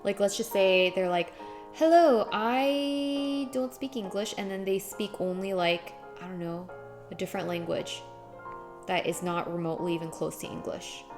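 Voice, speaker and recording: A woman streamer in casual chat, reading chat aloud and acting out little voices with a giggly, animated manner. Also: lowish voice, moderate pace, music in the background.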